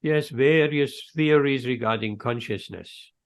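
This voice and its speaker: Gravelly-voiced man giving a scripture talk. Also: mid-range voice. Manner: storytelling, acts out quoted voices; unhurried, pauses mid-phrase. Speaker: spiritual teacher.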